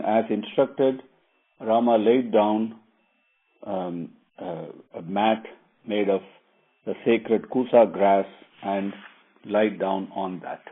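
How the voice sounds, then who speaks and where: Husky storyteller on a phone line. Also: male voice, lowish voice. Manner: meandering, with fillers and restarts, relishing details. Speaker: storyteller and teacher. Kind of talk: casual storytelling lesson.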